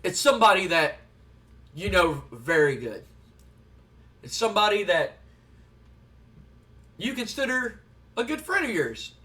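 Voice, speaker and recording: A man's voice: high voice, big pitch swings, unhurried, long pauses, pushed and bright, far from the mic, full character voice. A man voicing a smug male wrestling manager who talks in a sly, teasing way.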